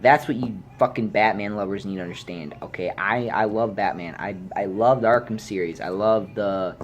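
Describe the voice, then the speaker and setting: A man's voice: normal speed, a little hiss or hum. Fired-up man ranting with profanity. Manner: heated and profane, voice jumping into high yells. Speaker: YouTube vlogger. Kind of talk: angry movie rant.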